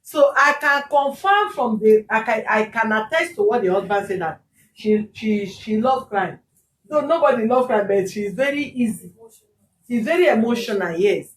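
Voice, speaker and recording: A woman's voice: on the high side, normal speed. Nigerian lady mediator, chatty w pidgin bits, roomy far-off sound, bit of noise. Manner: chatty, mixes in pidgin words, lively when retelling. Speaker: host and mediator. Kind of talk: on-camera family mediation. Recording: roomy, distant mic, faint background noise.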